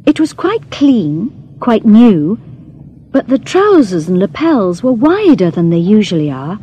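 Slow, mellow woman reading a story. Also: medium pitch, big pitch swings. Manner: slow, clear, deliberate reading for learners. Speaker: audiobook narrator. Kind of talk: scripted story narration.

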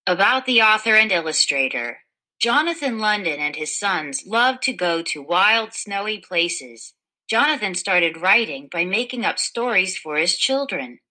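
Reading a children's picture book aloud, a woman takes her time over each phrase and tells the story gently, lifting the quoted lines so they stand out. Her mid-range voice is bright, forward and animated, moving at a measured pace. The audio quality is poor.

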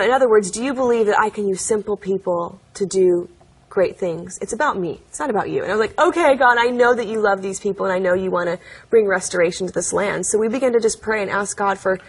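With a medium-pitched, slightly breathy voice, a young woman shares personal stories as an interview guest. She's earnest and talkative, laughing often and using lots of fillers.

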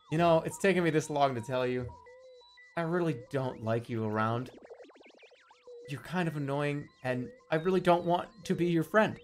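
A man's voice: a little high, normal speed, soft background music. A man streaming a video game and giving casual commentary, rambling and joking with a lot of swearing. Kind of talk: casual let's-play commentary.

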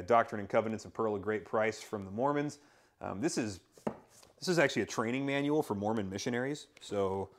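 Casual pastor touring his bookshelf. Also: fairly low pitch. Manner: relaxed, rambling, enthusiastic with fillers and asides.

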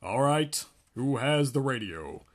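A man voicing a stern, unflappable schoolteacher who gives slow, measured commands in a husky voice. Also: medium pitch, animated.

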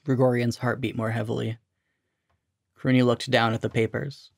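A man reading his own short story aloud in a measured, steady narration. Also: medium pitch, gravelly, no echo. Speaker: reader.

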